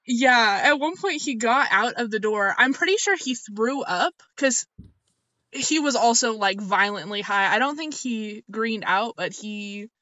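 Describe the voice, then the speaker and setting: A young woman tells a story in relaxed podcast chat, her fairly high voice often breaking into laughter as she rambles along. The sound is a little dull and lo-fi. There is no room echo. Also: measured pace. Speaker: podcast co-host. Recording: slightly dull lo-fi audio, dry.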